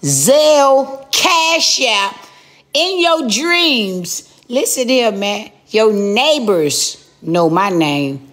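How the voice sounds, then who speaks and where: A woman hosting a live stream, roasting the person on the phone in a sassy, scolding way with drawn-out emphasis. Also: on the high side, very animated, a bit bright. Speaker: live-stream host making prank calls. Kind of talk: brash comic phone roasting.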